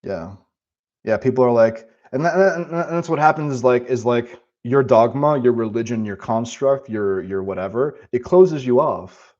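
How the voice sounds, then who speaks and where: Guy on a live stream rambling and swearing, mid-pitch voice, kinda muffled lo-fi audio. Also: moderate pace. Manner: profane, rambling, animated. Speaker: live streamer answering chat. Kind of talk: casual spiritual talk.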